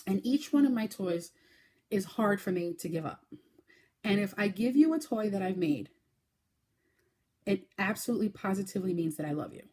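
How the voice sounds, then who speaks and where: A woman hosting a casual crochet podcast, talking fast and chatty, showing her projects with lots of fillers. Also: lively intonation, warm tone. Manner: chatty, fast-talking, with fillers and sudden high baby-talk bursts. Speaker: podcast host.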